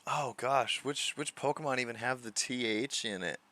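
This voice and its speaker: A man's voice: medium pitch, moderate pace, pushed and bright. A man streaming live, chatting casually with his viewers, chuckling often and repeating words as he answers them.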